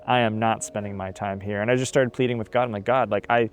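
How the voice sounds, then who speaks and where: A young man telling a personal testimony in a halting way, with many fillers and repeated words, over faint background music. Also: fairly low pitch, fairly even intonation, slight background noise. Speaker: testimony guest.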